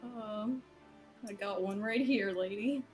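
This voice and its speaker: A woman's voice: mid-range voice, slow, darkish tone, faint music behind. A woman playing in a tabletop game, casual and playful, often laughing. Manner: playful, laughing, slips into her character's lines. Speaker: player.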